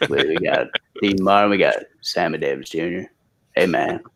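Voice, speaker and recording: A man's voice: deep voice, normal speed, fairly bright tone. A man doing an impression of a laid-back, drawling male movie star with an easygoing "hey, man" manner.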